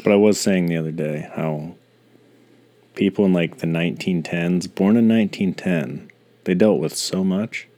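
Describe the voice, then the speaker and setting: A man co-hosting a casual home podcast, cracking dry deadpan jokes. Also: low-pitched, moderate pace. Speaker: podcast co-host. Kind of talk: casual chat.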